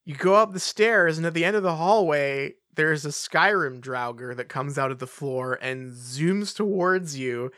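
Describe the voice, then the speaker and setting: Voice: medium pitch, a little slow, few pauses, fairly bright tone, no room sound, clean studio sound. A podcast co-host in casual chat, mocking and incredulous, often breaking into laughter.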